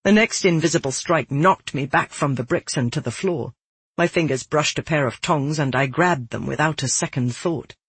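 An audiobook narrator reading a first-person fantasy story in a steady, earnest way. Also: medium pitch, moderate pace, slightly rough, no room sound.

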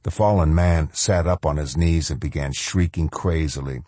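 A man narrating a story in a measured, grave storytelling manner. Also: rumbling low, dark tone, dry recording. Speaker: audiobook narrator. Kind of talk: scripted narration.

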